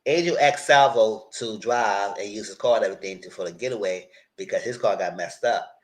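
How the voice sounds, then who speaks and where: A man hosting a casual live recap, retelling scenes in a loose, animated way and quoting the characters as he goes. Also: fairly low pitch, brisk. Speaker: TV recap host.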